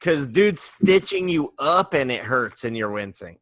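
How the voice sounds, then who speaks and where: A man's voice: mid-range voice, sing-song, measured pace, fairly bright tone, no room sound. A man co-hosting a podcast, chiming in with crude jokes in casual chat. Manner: joking, crude interjections. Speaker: podcast co-host. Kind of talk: casual movie review chat.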